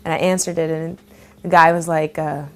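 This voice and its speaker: Young woman, actor interviewee, lower voice, casual and animated, laughs often. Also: brisk. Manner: laughing storyteller, acts out quotes.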